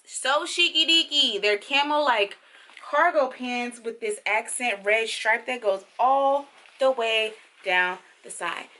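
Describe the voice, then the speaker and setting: Bright, chatty young woman vlogger. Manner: chatty, playful, slangy, with sudden high squeals. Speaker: fashion vlogger. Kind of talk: casual try-on haul chat.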